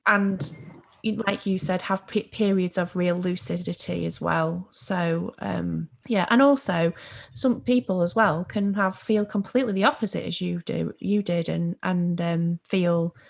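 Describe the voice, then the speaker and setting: Gravelly-voiced woman podcast host. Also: fairly low pitch, fairly even intonation, measured pace. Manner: thoughtful, hesitant, many fillers. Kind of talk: podcast conversation.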